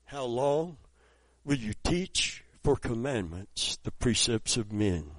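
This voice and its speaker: A man preaching a sermon, telling a story softly and then rising into loud, high exclamations. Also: very animated, slow pace, no echo, poor audio.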